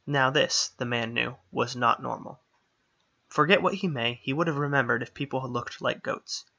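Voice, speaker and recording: Gravelly, bright male storyteller. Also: medium pitch, muffled recording. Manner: steady storytelling delivery. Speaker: narrator. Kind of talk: scripted fantasy narration.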